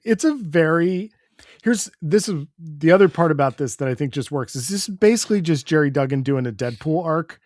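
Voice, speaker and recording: A man's voice: on the high side, animated, a little fast, a little mellow, dry recording, clean studio sound. A man co-hosting a comics podcast, recapping the plot in an easygoing way with fillers. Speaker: podcast co-host. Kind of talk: casual comics chat.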